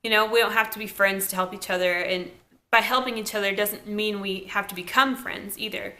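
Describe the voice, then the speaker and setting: A young woman with a Southern US accent, casually recapping a TV episode in a chatty, relaxed way. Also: medium pitch, fairly quick. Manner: chatty, relaxed, lots of "like" and "kinda". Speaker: TV episode reviewer.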